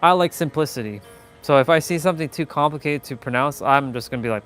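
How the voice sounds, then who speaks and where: A man hosts a motivational livestream in a loose, rambling monologue. He is blunt and full of restarts and fillers, with soft music playing faintly behind him. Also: medium pitch, quick pace. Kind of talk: casual live-stream monologue.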